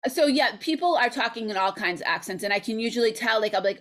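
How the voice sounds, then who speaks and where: A woman's voice: on the high side, fast talker, hardly any pauses, fairly bright tone. An American woman, an English teacher, talking through ideas in a casual interview with frequent ums, over a video call. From United States. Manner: thoughtful, chatty, frequent ums. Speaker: English teacher and channel creator.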